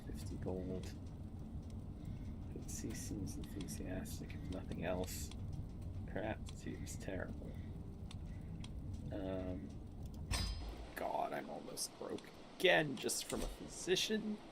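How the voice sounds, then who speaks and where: Slow, gravelly-voiced man muttering gameplay. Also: low voice, sing-song, very noisy. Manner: mutters game text half to himself, bursts into baffled exclamations. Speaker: gameplay streamer. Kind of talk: casual let's-play commentary.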